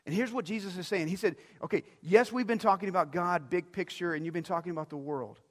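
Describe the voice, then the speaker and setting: A middle-aged pastor delivering a sermon, swinging between quiet, intimate phrases and loud, emphatic ones, often repeating words as he builds a point. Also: high voice, quick pace. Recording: long reverb of a large hall.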